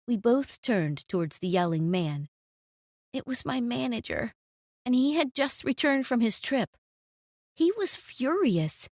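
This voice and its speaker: A woman narrating a first-person story in an expressive storytime style. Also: a little high, measured pace, no echo, studio quality.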